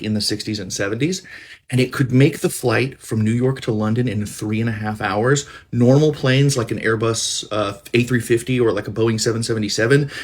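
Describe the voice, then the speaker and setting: A man enthusiastically explaining a story in a casual, chatty way. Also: mid-range voice.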